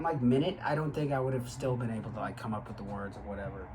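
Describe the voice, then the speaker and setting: A young man in his twenties rambles to the camera, circling back on himself with lots of "um" and "like" and the odd curse. His voice sits at an ordinary middle pitch. A faint ambient hiss runs underneath. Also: brisk, hardly any pauses, rough recording. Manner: rambling, with frequent fillers and profanity. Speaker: graduate student. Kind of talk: casual rambling vlog.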